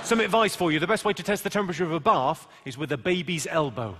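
Deadpan English comedian on a stage mic. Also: male voice, fairly high pitch, very noisy. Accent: Southern English. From England. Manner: deadpan, quick-witted, teasing the audience. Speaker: stand-up comedian. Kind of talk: stand-up comedy with crowd work. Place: large theatre. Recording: live theatre recording with loud crowd laughter. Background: loud audience laughter.

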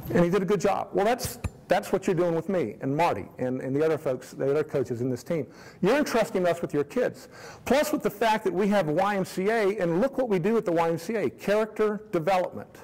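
A man's voice: high-pitched, a little mellow, poor audio. A middle-aged man, a swim coach, earnestly telling stories and laying out his philosophy to a room of parents, repeating key phrases for emphasis. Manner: earnest, storytelling, emphatic repetition.

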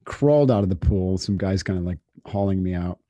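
Low, dark-voiced man telling a story. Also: fairly quick, dry recording, dull audio. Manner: candid, casual, peppered with fillers and self-quotes. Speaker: podcast guest. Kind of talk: storytelling anecdote.

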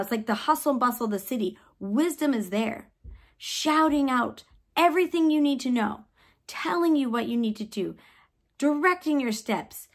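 A woman giving a mid-week church devotion in a conversational way, reading Bible passages aloud and asking her listeners questions. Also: on the high side.

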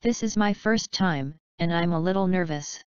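A woman's voice: lowish voice, normal speed, clear, resonant tone, dry recording, dull audio, natural voice. A woman reading the part of a casual, wry young woman who speaks to the dead in an offhand, teasing way.

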